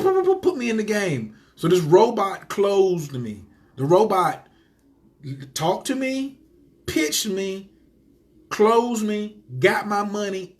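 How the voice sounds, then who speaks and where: A man hosting a motivational livestream for entrepreneurs, telling a story with energy, acting out the people he quotes, and greeting viewers by name. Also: sits high. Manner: animated storyteller who acts out quoted voices.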